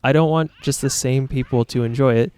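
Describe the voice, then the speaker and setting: Man, YouTuber, casual reflective talk, earnest, rambling, self-critical, mid-pitched voice. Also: fairly even intonation, fairly quick, a little mellow, smooth.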